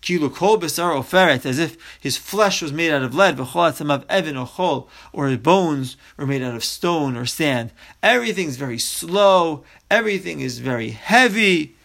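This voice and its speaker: Gravelly-voiced man teaching a text. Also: on the high side, expressive, normal speed, few pauses, a bit bright. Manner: reads Hebrew phrases then explains in English. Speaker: Torah teacher. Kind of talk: text study class reading and translating.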